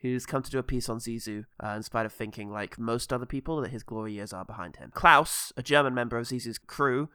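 A man's voice: medium pitch, brisk, hardly any pauses, sharp tone, clear, resonant tone, dry recording. A man co-hosting a casual film podcast, summarizing plots with dry, wry asides. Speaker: podcast co-host.

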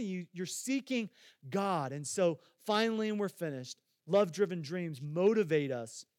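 A man's voice: high-pitched, no room sound, clean studio sound. A man preaching a sermon as a pastor, talking conversationally, putting questions straight to his listeners and repeating phrases for emphasis.

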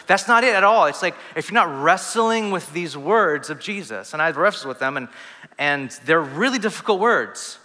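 A man's voice: a little high, expressive, moderate pace, pushed and bright. A man preaching a sermon as a pastor, telling stories in a conversational way with many restarts and fillers. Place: church hall. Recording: long reverb of a hall.

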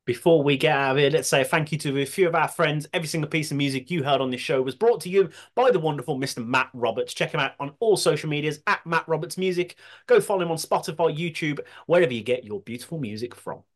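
A man's voice: fairly high pitch, quick pace. A man with a Brummie accent, co-hosting a podcast, reading out listener submissions with frequent laughter and casual swearing. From Birmingham, England. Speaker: podcast co-host.

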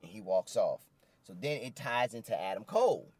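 A man's voice: lowish voice, very animated, normal speed, a little mellow, dry recording. A man in casual podcast chat, recapping events loosely and profanely and acting out quotes in voices. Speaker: co-host recapping wrestling.

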